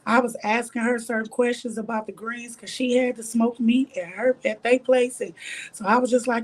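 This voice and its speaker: Speaking at a normal pace in a slightly high voice, a reality show cast member shares a frank story during an interview. She swears freely, stays animated, and performs the other people's lines.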